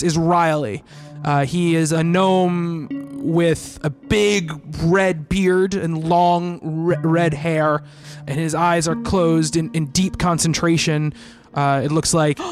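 High-voiced man running a tabletop game. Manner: casual, laughing, lots of "like". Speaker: game master.

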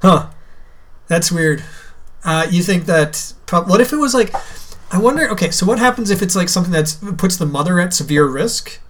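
A man's voice: high-pitched, lively intonation, moderate pace, a bit bright. A man co-hosting a podcast in casual chat, joking and laughing often. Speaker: podcast co-host.

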